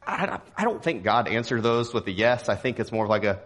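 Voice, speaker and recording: A young man from Texas preaching a sermon in a relaxed, joking, conversational way. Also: medium pitch, fairly quick. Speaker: pastor.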